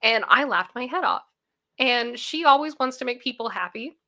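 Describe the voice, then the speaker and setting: A woman's voice: fairly high pitch, lively intonation, normal speed, bright, forceful tone. A young woman hosting a casual livestream, chatty and repeating herself as she thanks viewers by name. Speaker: livestream host.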